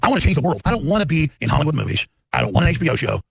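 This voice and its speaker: A man's voice: a little high, sing-song, very fast, vocal fry, breathy edge. A man in his forties hosting a talk show, delivering an unscripted, emphatic, rambling live monologue.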